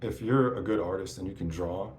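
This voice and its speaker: A man's voice: low voice, fairly quick, darkish tone. A man in his forties telling stories in a casual interview, swearing often and restarting his sentences. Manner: profane, rambling, restarts often. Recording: echoey room with faint noise.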